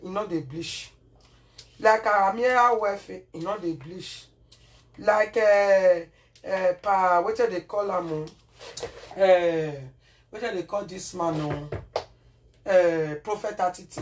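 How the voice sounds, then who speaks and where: A woman's voice: mid-range voice, measured pace, far from the mic. A woman speaking Nigerian Pidgin in a home kitchen as she cooks for her vlog, scolding and repeating herself, often asking "Eh?". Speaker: cooking vlogger. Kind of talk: casual cooking vlog rant. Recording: voice from off the mic, faint noise.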